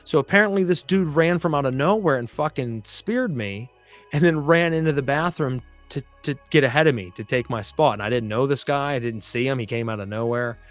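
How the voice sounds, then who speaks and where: A man at a middle pitch tells a story from his past as a podcast host. His telling is blunt and full of swearing. Music plays faintly behind him. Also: a little fast. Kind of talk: storytelling monologue.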